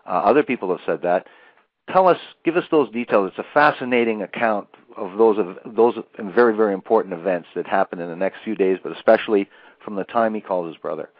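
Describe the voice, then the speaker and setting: A man's voice: fairly low pitch, fairly quick, dry recording, phone-quality sound. A man hosting a radio interview, prompting his guest for details and repeating himself as he asks.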